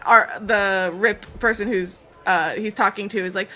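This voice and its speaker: Woman game master, bright tone, rambling casual narration. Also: medium pitch, fairly even intonation, a little slow, hardly any pauses. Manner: rambling, full of "like" and "um".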